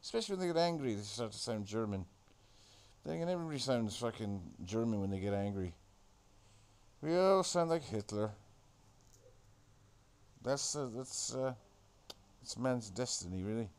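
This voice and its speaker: A man's voice: mid-range voice, animated, normal speed, pauses often, a little mellow, smooth. A man, delivering a rambling, sweary, sardonic comic monologue as host.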